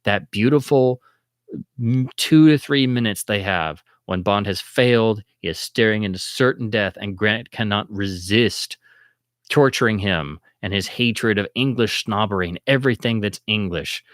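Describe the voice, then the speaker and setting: A man hosting a livestream, chatting about films in a casual, excitable way and jumping his voice up high to act out audience reactions. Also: normal speed, no echo, studio quality. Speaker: livestream host. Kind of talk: casual film commentary.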